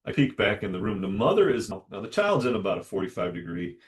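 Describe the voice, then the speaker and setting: Lower-voiced man telling a lively story. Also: fast talker. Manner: animated, acts out dialogue in lively voices. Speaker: dentist podcast host. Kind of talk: solo storytelling monologue.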